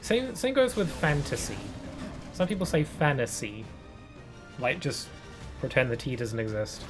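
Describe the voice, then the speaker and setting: A man's voice: mid-range voice, a little slow, music in the background. A British man who streams games, chatting casually with his viewers in a rambling way, restarting his sentences often. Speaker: game streamer. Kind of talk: casual live-stream chat while gaming.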